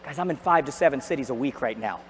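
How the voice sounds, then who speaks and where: A man giving an energetic seminar talk on a stage, asking the audience questions and joking with them. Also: mid-range voice, quick pace, a little hiss or hum. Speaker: real estate trainer. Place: large arena. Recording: echoey arena with long reverb.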